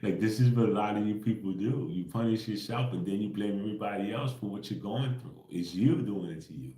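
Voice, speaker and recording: Speaking briskly in a fairly low, dark voice, a livestream host rants casually about spiritual matters, and the audio is reverberant. He's slangy and profane, repeats himself insistently, laughs between points, and keeps asking "right?"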